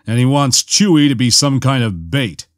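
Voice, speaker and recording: A man voicing a gruff, sardonic male smuggler pilot in an audiobook. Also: mid-range voice, lively intonation, normal speed, no echo, studio quality, natural voice. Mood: exasperated. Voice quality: growling, sardonic.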